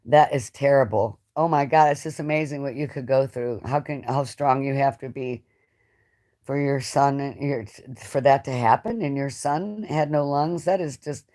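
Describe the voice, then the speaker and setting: A woman host in a live-stream chat, talking in an emotional, rambling way with many halting restarts. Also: a bass voice, warm tone. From United States. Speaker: channel host.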